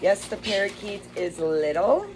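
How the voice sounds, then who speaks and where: A woman's voice: medium pitch, animated, unhurried, low-quality recording. A woman chatting casually while unboxing bird toys, gushing over them and talking to her pet birds at home. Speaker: bird rescue vlogger.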